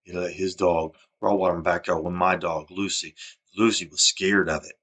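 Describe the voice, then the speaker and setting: A middle-aged man from the United States talking agitatedly in a rambling personal monologue, repeating himself and restarting sentences, his voice swinging from a low mutter to loud. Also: flat delivery, moderate pace. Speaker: vlogger.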